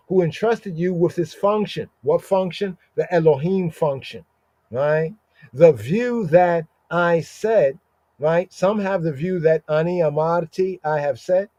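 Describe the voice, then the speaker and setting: A man teaching scripture on a podcast, explaining slowly, repeating words and often asking "right?". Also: on the high side, dark tone, no echo. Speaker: Bible teacher.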